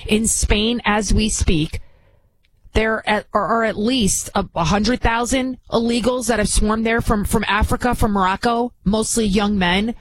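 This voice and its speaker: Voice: medium pitch, fairly even intonation, unhurried, poor audio. A commentary show host talking in an indignant, rambling way with many restarts. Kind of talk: opinion commentary.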